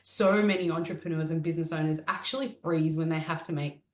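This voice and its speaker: A woman's voice: low-pitched, fairly even intonation, fast talker, echoey room. A woman hosting a podcast who sets up her questions with encouraging remarks and bits of brain science. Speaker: podcast host. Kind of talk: interview questions.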